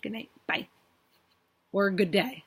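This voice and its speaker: A woman's voice: medium pitch, slow pace, a little hiss or hum. A young woman vlogger talking earnestly and tearfully to her viewers, now and then apologizing for rambling. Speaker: beauty vlogger. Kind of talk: emotional personal vlog.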